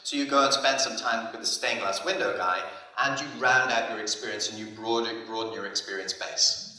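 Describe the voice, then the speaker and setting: Male conference speaker, casual anecdotal delivery, bright voice, roomy hall sound. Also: fairly low pitch, a little fast. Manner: casual, anecdotal, lively storytelling. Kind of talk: conference talk. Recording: echoey hall.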